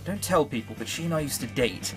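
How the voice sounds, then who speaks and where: Brief: a chatty young barman, read by a man, easygoing, with lively pitch and faint music behind. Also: fast talker. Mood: friendly.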